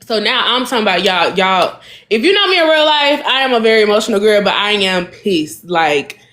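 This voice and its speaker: A woman co-hosting a podcast, telling a story in a casual, animated way, exasperated and speaking. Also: medium pitch, brisk. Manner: animated, addresses listeners as y'all, vents with exasperation. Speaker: podcast co-host.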